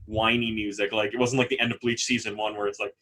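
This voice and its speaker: A man co-hosting a casual podcast, talking animatedly, often laughing and breaking into quick character impressions. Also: lowish voice, flat delivery, a bit bright. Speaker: podcast co-host. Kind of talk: casual chat.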